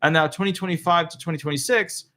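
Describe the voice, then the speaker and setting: A man's voice: on the high side, fairly even intonation, quick pace, bright, forceful tone. A middle-aged man, a disability attorney, explaining benefit changes in a rambling, casual way and breaking off to coo at his dog.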